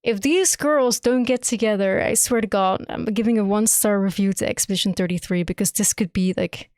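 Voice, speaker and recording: A woman's voice: medium pitch, brisk, darkish tone, no echo, studio quality. A young woman streamer giving live reaction commentary on a game, gushing and emphatic, swearing often.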